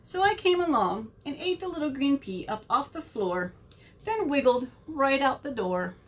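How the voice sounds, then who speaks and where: A woman's voice: high voice, sing-song, moderate pace, a bit bright, voice pushed up. A woman voicing a cheerful, squirmy worm storyteller in a picture book read-aloud, with a bouncy, chummy manner.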